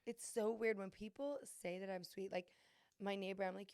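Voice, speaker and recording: A young adult woman hosts a podcast, chatting candidly and earnestly about her struggles with plenty of fillers and restarts. Her medium-pitched voice is smooth and a little mellow, with fairly even intonation and a moderate pace, captured in a dry, studio-quality recording.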